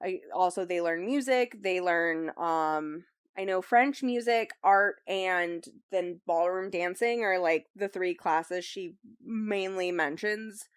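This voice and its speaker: A woman's voice: fairly low pitch, slow, clear, resonant tone, dry recording, studio quality. A young woman hosting a book club, casually recapping a novel in a chatty way with lots of fillers. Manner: chatty, filler-heavy recap with frequent ums and likes. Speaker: book club host summarizing the book. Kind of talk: casual chat.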